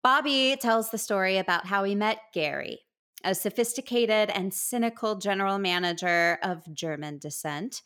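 A woman, a podcast host, reading a scripted episode introduction in a measured way. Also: mid-range voice, a bit bright.

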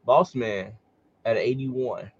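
A laid-back man with a mid-pitched voice, co-hosting a podcast in casual chat. The recording sounds dull and lo-fi. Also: slow, husky, no room sound. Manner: laid-back, laughs a lot. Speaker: podcast co-host.

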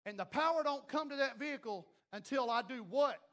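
High-voiced pastor preaching a dramatic sermon. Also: male voice, a little fast. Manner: acts out voices of doubters and God; dramatic swings from loud to hushed.

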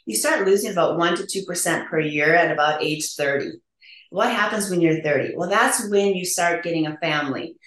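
A woman's voice: fairly low pitch, fairly quick, fairly bright tone. A middle-aged woman, a nurse practitioner guest, explaining earnestly with frequent ums. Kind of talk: conversational interview. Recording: echoey room.

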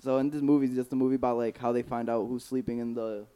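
A young man in casual podcast chat, excitedly recounting a story with loose fillers. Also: mid-range voice, smooth. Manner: fast, excitable retelling of a movie plot. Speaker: podcast co-host.

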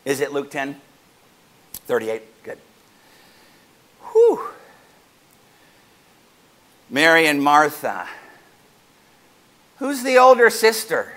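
Animated, high-voiced pastor preaching. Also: male voice, extremely slow, long pauses. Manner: animated, joking asides with the congregation. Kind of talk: sermon.

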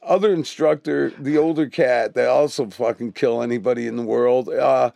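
A man's voice: mid-range voice, fairly even intonation, normal speed, gravelly, warm tone, dry recording. A man co-hosting a podcast, telling stories in a casual, profane way and laughing often. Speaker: podcast co-host. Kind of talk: casual chat.

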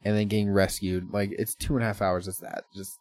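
A man's voice: fairly low pitch, little pitch movement, brisk, a little mellow, dry recording. A man chatting casually as a podcast co-host, rambling through movie plots, laughing often and swearing freely. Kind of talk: casual chat.

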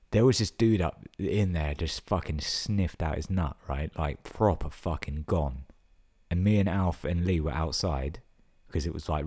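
Young bloke, super deep voice, casual sweary story, like like like. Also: male voice, darkish tone, breathy edge. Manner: swears a lot and says 'like' constantly. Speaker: vlogger telling stories.

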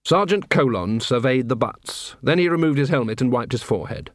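A man's voice: medium pitch, expressive, fairly quick, few pauses, no echo. Man narrating in a dry close voice. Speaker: audiobook narrator. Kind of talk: storytelling narration.

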